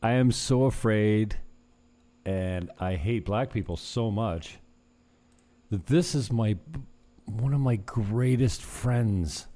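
A man chatting to his vlog audience in a loose, wandering way, trailing off and restarting his thoughts. His voice sits low and warm, and he takes his time with every phrase. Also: takes it slowly. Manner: meandering, self-interrupting, chuckling asides. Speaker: vlogger. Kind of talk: casual rambling chat to camera.

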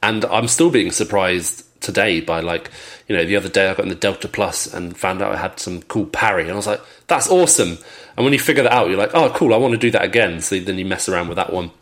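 A man's voice: low-pitched, quick pace, hardly any pauses, a bit bright. A man co-hosting a podcast, chatting casually and rambling through stories with many fillers. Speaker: podcast co-host. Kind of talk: casual chat.

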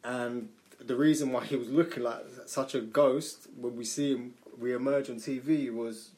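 A man's voice: medium pitch, fairly even intonation, unhurried, darkish tone. Emphatic sweary man co-hosting. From United Kingdom. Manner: emphatic, sweary, many fillers. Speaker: podcast co-host. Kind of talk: casual podcast chat.

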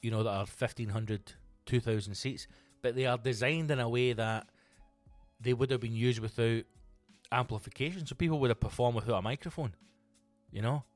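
A man's voice: medium pitch, moderate pace, no room sound, soft background music. A Scottish man, a comedian, chatting on his own podcast in a rambling, sweary way with lots of restarts. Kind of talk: casual solo podcast chat.

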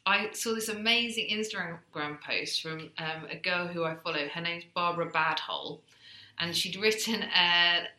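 A woman with a low, very bright voice that swings widely as she talks, animated and quick to laugh. She chats casually as a podcast guest. The room around her is echoey. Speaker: guest, magazine founder.

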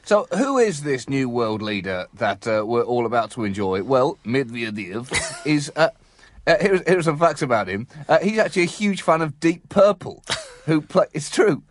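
A man's voice: fairly high pitch, very animated, moderate pace, no room sound. A man co-hosting a comic news podcast, delivering jokes with dry, mock-solemn seriousness and breaking into laughs. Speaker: co-host.

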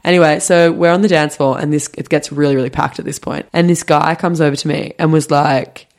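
A young woman, co-hosting a podcast in casual chat, with quick teasing remarks. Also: sits low, steady tone, a little mellow. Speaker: podcast co-host.

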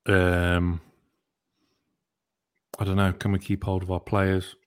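Brief: young male football podcast host, playful, rambling, low-pitched. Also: monotone, takes it slowly, clear, resonant tone. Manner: chatty, hesitant with many ums, playful. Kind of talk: casual chat and interview hosting.

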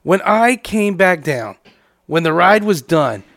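A man with a high voice tells a long story in casual chat. His talk is loose and profane. When he quotes people, he drops into a low, quiet mumble. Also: very animated, slow pace.

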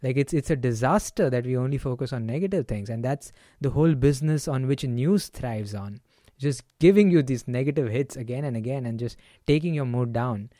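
A man's voice: medium pitch, mellow, dry recording. Man on a dry, close podcast mic. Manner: acts out quick example lines in a raised voice. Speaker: podcast host. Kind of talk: casual solo podcast talk.

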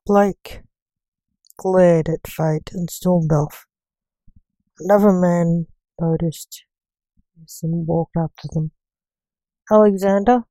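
A woman reading a story aloud with halting phrasing. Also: lowish voice, little pitch movement, dark tone, dry recording, low-quality recording.

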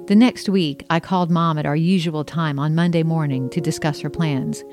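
A woman's voice: low-pitched, fairly even intonation, normal speed, few pauses, darkish tone, soft background music. A middle-aged woman from the American South reading her memoir aloud in a wry, conversational storytelling manner. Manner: conversational, wry storytelling with lightly acted dialogue. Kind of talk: audiobook memoir narration.

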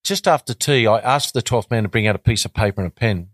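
An Australian man in his fifties, a former cricketer telling stories as a guest in casual, animated talk with repeats and restarts. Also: fairly low pitch, fast talker, dry recording, clean studio sound. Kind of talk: casual storytelling.

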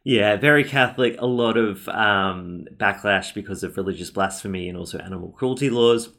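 A man with a very low voice chats casually as a podcast host. His tone is gravelly yet bright. He rambles along, full of fillers and restarts. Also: moderate pace. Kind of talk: casual chat.

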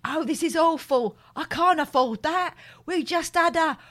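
A woman's voice: very high-pitched, unhurried, fairly bright tone. A woman playing an anxious male bank customer and new father, talking in a panicky, pleading way during a comedy phone-call sketch. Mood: panicked.

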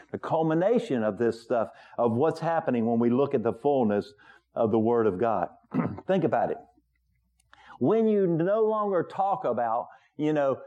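A middle-aged male pastor preaches a sermon in a conversational style, opening with an everyday story. As he reaches his main points, his voice climbs higher and grows louder.

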